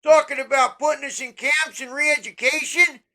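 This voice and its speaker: A middle-aged speaker with a high voice rants about politics, swearing freely and bursting into shouts. The tone is bright and sharp, heated from start to finish. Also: fairly even intonation, moderate pace, low-quality recording. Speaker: political commentator. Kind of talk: angry political rant.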